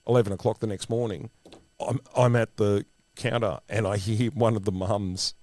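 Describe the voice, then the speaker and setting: An Australian man co-hosting a podcast, telling stories in a casual, animated way and acting out what other people said. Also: fairly low pitch, normal speed. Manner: animated storyteller who acts out other people's lines. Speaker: podcast co-host. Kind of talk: casual storytelling chat.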